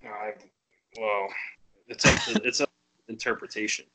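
A man co-hosting a podcast, animated and stammering, with loud outbursts. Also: on the low side, moderate pace, poor audio. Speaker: podcast co-host. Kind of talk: casual chat.

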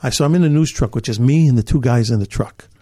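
An older man from Chicago, a podcast guest telling an animated story, acting out other people's lines and laughing as he goes. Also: medium pitch, quick pace, no room sound, studio quality. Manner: acts out other people's lines, repeats himself, laughs as he talks.

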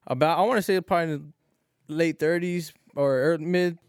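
A man telling a work story in casual chat, profane and animated with quoted lines. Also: fairly high pitch, moderate pace, smooth, no echo, clean studio sound. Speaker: warehouse lead.

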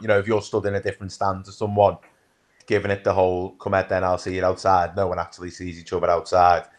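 A man hosting a podcast, easygoing and conversational as he asks his questions. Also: lowish voice. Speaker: podcast host. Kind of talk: casual interview chat.

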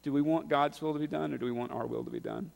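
A man preaching a sermon, building to loud, impassioned peaks. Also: a little high, fairly even intonation, quick pace, creaky, big-room sound. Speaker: pastor.

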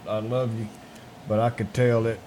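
A man co-hosting a casual morning show, laid-back, often giving short agreeing replies and speaking quietly when earnest. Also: lowish voice, little pitch movement, moderate pace, slight background noise.

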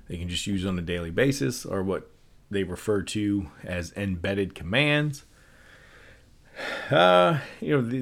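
A man with a very low voice talks through ideas in a relaxed, unscripted podcast monologue. His delivery is loose and conversational, full of fillers and little restarts. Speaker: podcast host. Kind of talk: casual explanatory podcast monologue.

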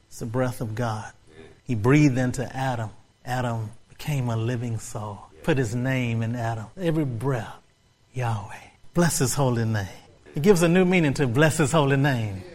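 A man's voice: mid-range voice, darkish tone. A male pastor preaching a sermon, repeating phrases and building to fervent, rising exclamations.

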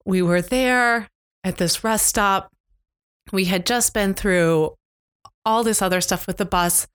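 A middle-aged woman co-hosting a podcast, candidly retelling a stressful family road trip in a halting, emotional way. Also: mid-range voice, clean tone, dry recording, studio quality. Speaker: podcast co-host. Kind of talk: casual storytelling chat. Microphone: close podcast mic.

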